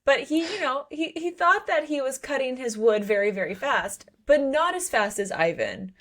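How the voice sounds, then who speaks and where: A woman's voice: high voice, normal speed. A woman co-hosting a book podcast in casual chat, acting out the characters' lines as she recaps. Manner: animated, acts out characters' lines. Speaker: podcast co-host.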